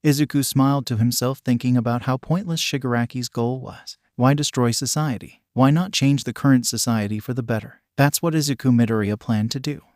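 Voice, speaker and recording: A man narrating a fan fiction story in an even, steady reading voice. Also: medium pitch, brisk, hardly any pauses, no echo, clean studio sound.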